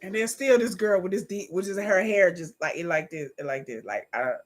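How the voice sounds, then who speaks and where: A woman streamer reacting live to an episode, excitable and laughing, swearing freely and mimicking the characters. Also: lowish voice, fairly quick, slight background noise. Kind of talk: live watch-along reaction.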